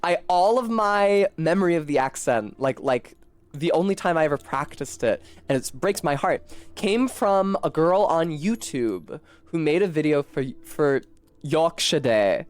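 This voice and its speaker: A man's voice: on the high side, lively intonation, unhurried, clean tone, faint music behind. A talkative man with a Philadelphia-tinged accent, chatting casually and info-dumping while streaming a game, swearing now and then.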